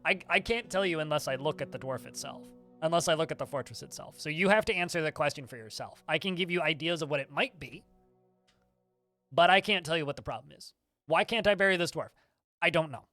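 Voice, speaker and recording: A man talks casually to his livestream chat and fields questions at a quick clip. His voice is bright and forceful, set a little high. Faint guitar music plays quietly behind him. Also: no room sound. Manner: chatty, fast-talking, answers chat questions. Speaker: streamer.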